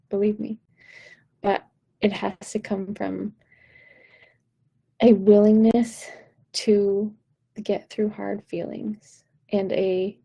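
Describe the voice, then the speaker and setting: A woman's voice: medium pitch, gravelly, husky, rough recording. A woman vocal coach giving an encouraging, direct pep talk on a live stream. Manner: encouraging, warm-hearted, direct.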